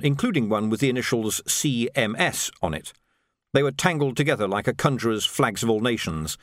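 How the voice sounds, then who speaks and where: A man narrating an audiobook in a wry, expressive storytelling manner. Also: on the low side, no echo, studio quality. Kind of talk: scripted narration.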